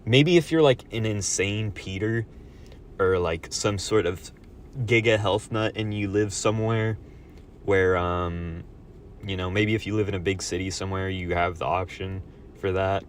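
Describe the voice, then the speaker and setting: A man in a profane solo vlog rant, swinging between loud outbursts and low muttered asides. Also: a little slow, slight background noise. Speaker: vlogger.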